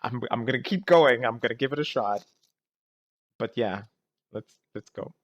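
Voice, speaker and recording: A man gives a casual running reaction to a film, rambling and exasperated. His voice sits at an ordinary middle pitch. He keeps breaking off to groan before getting back on track. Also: lively intonation, normal speed, dull audio. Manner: keeps restarting and saying "anyways, let's keep going". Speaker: movie reaction vlogger. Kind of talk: casual movie reaction commentary.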